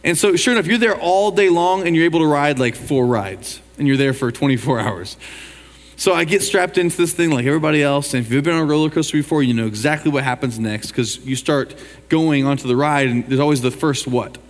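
A man preaching a sermon, telling a story in a folksy, animated way and putting questions to his congregation. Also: on the high side, brisk. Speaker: pastor. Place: church auditorium. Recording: church hall reverb.

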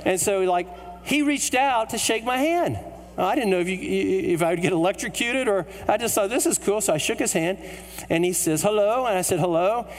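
A middle-aged American man preaching, telling a story with comic, animated timing. His voice sits a little high for a man and carries a long hall reverb, with a faint mains hum underneath. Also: normal speed. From United States. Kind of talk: sermon with humorous story.

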